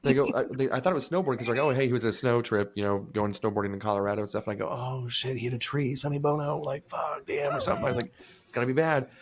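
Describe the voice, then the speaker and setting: A young man hosting a podcast, telling profane, animated stories in casual chat, often acting out other people's lines. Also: mid-range voice, very fast, few pauses. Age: young adult. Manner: profane, animated storytelling with voiced quotes. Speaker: podcast host.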